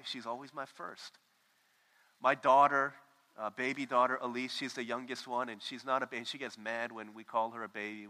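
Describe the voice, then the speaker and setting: A man's voice: medium pitch, bright, forceful tone. A man preaching a sermon, telling stories and acting out phone calls as he goes. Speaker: pastor. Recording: long hall reverb.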